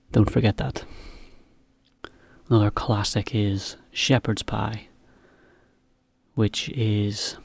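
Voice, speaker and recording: A man teaching to learners, talking in a relaxed, chatty way with a laugh now and then. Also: lowish voice, dry recording. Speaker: English teacher. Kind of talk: slow, clear explanation for learners.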